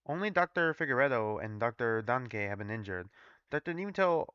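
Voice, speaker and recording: A man reading aloud, low and quick, as a frustrated young male researcher who speaks flatly and formally, on a dull, dry recording. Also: smooth, no room sound.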